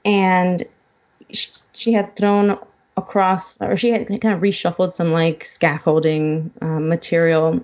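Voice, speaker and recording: A woman's voice: on the low side, little pitch movement, measured pace, a little mellow, muffled recording. A woman guest in a casual chat, retelling a film plot and getting choked up as she goes. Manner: emotional, choked up while retelling. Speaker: podcast guest.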